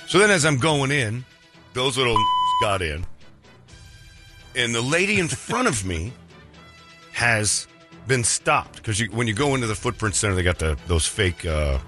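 A man hosting a talk show, telling a story casually and acting out other people's lines in pitched-up voices. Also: sing-song, unhurried, long pauses, over music.

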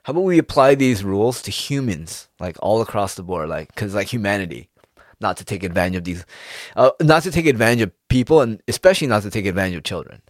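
A man's voice: fairly low pitch, quick pace, no echo, clean studio sound. A man ranting in a casual monologue, swearing freely and firing off rhetorical questions. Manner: animated, profane, rhetorical questions.

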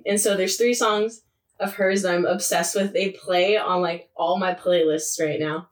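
A woman's voice: on the low side, recorded from a distance. Chatty laughing woman, a bit off-mic. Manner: animated storytelling, laughs often, quick asides. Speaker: podcast co-host. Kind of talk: casual chat.

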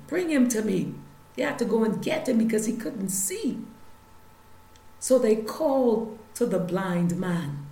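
A woman preaching a sermon, telling her healing testimony and reading scripture with slow emphasis. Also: fairly high pitch, vocal fry, mellow, roomy sound, low-quality recording.

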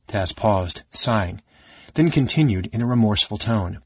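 A man narrating a fantasy audiobook with a steady, expressive reading. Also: on the low side, moderate pace, breathy edge, dry recording, highs cut off. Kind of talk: scripted narration.

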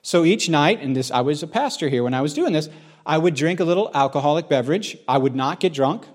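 A middle-aged pastor tells his own story from the pulpit in a candid, chatty way. His voice sits slightly high for a man, and he often restarts his sentences. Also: lively intonation, quick pace. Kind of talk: sermon-style personal testimony.

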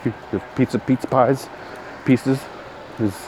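A man's voice: medium pitch, fairly even intonation, slow pace. A middle-aged man hosting a podcast while walking outdoors, rambling and correcting himself, greeting passersby. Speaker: podcast host. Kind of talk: casual walking podcast monologue. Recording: outdoor street noise. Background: traffic and street sounds.

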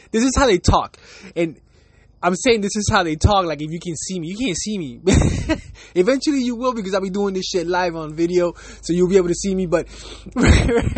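A man in his thirties hosts his own podcast from Miami, ranting loosely with plenty of profanity and laughter. His voice is high-pitched and the recording is dry.

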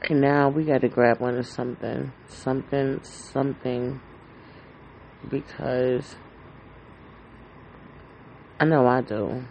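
Slow, heavily gravelly man rambling anxiously. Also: mid-range voice, steady tone, darkish tone, a little hiss or hum, low-quality recording. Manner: rambling, anxious and heartfelt, with frequent fillers and swearing. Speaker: podcast host. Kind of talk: casual solo podcast monologue.

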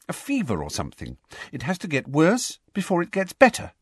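A man voicing a sharp, bossy schoolgirl. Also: a little high, wildly swooping pitch, brisk, husky, dry recording, studio quality, pitched above the performer's own voice, exaggerated voice. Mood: worried. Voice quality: sharp, insistent. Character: clever, bossy teenage schoolgirl.

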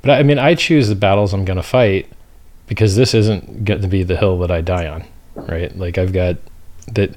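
American male guest, very deep, blunt and emphatic. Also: moderate pace, a little mellow, slight background noise. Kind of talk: casual conversational interview.

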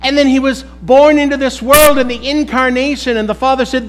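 Pastor, male, unusually high pitch; preaching to a live congregation, questioning the room, punchy emphatic peaks. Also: steady tone, moderate pace, fairly bright tone, low-quality recording. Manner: rhetorical questions to the congregation, rising to emphatic exclamations. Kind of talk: sermon.

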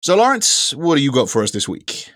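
A man's voice: mid-range voice, wildly swooping pitch, fairly quick, fairly bright tone, dry recording, clean studio sound. A man co-hosting a podcast, talking in a rambling, casual way and swearing now and then. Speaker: podcast co-host. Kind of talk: casual chat.

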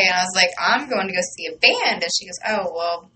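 A woman hosting a radio show, chatting in an excitable, rambling way full of stories and fillers. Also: fairly low pitch, brisk, slight background noise, poor audio. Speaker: radio host. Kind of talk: casual chat.

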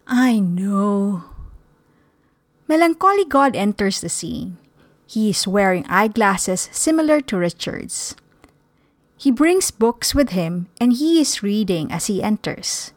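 A woman reads stage directions at an unhurried pace. Her delivery is plain and measured. The recording sounds dry and close. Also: mid-range voice, very animated, no room sound. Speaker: narrator of a play reading. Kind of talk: reading a script aloud.

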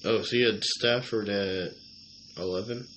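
A man co-hosting a casual sports rankings chat, reading long lists of names in a halting, methodical way. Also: fairly low pitch, fairly even intonation, fairly bright tone. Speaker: co-host. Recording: slightly dull audio, faint noise.

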